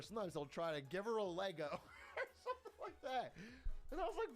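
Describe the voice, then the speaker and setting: A young man streamer telling a personal story in a casual, animated way, swearing often and laughing between lines. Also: high-pitched, a little fast, faint music behind.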